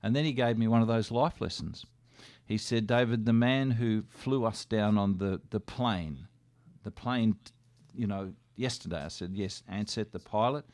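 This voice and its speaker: An older Australian man speaks in a low voice, recalling stories as a radio guest. He acts out what others said to him. The studio sound is dry and close. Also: moderate pace, dry recording. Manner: animated anecdotes with quoted dialogue. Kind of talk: casual storytelling.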